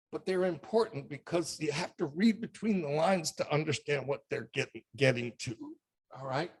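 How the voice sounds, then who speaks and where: Slow husky older man lecturing. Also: fairly high pitch. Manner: wry, conversational lecturing. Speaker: guest speaker. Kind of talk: presentation talk.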